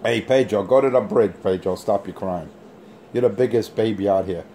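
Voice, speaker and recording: A man's voice: fairly low pitch, normal speed, warm tone, a little hiss or hum. Boastful, taunting man on a radio mic. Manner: boastful, taunting trash talk. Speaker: CB radio operator. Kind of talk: on-air radio banter.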